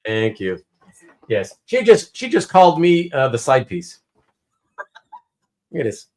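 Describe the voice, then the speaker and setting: A man's voice: mid-range voice, a little slow. A man hosting a casual live stream from home, chatting with viewers and telling a story that he acts out. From Canada. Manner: animated storytelling, acts out quotes. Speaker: host.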